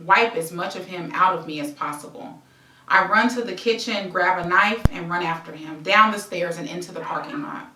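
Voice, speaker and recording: A woman reads her own memoir aloud as a present-tense story, stopping now and then for casual asides to the listener. Her voice sits low yet sounds bright and forceful. The recording is roomy and she is a little far from the mic. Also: a little hiss or hum. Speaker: memoir author and host.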